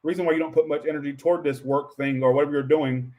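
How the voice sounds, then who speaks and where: His voice sits a little high, with fairly even intonation, a darkish tone and a quick pace. He's a tarot reader doing an offhand, rambling reading for viewers, full of swearing and asides to chat.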